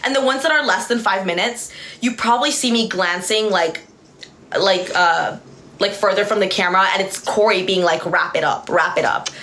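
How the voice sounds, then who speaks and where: Woman, livestream host, bright voice, rambling storyteller, easily distracted, laughs a lot. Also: mid-range voice, normal speed. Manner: laughs often while talking. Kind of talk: casual livestream chat and storytelling.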